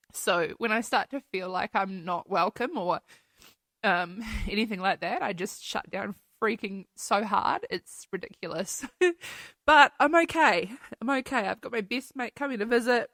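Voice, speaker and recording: A woman's voice: mid-range voice, fairly bright tone, dry recording, clean studio sound. Candid, emotional woman podcast host. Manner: candid and emotional, laughs often, swears casually. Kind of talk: casual solo podcast chat. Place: New Zealand home.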